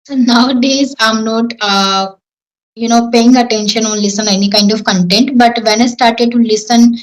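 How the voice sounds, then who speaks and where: A woman's voice: fairly high pitch, fairly even intonation, normal speed, rough recording. A woman with an Indian accent answering questions in casual English practice, earnest and self-assured. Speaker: English-learning YouTuber.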